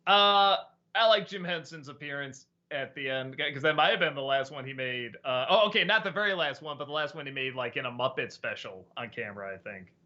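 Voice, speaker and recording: A man's voice: mid-range voice, fairly quick, sharp tone, lo-fi sound. A man hosting a casual livestream chat who reacts to viewer questions, laughs often and stammers on restarts. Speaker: show host answering chat questions.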